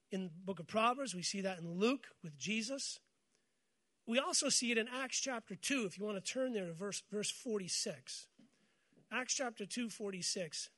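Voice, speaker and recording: A male pastor giving a lively sermon, calling on the congregation to respond and telling funny personal stories. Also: high voice. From United States. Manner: call-and-response with congregation, storytelling with humor.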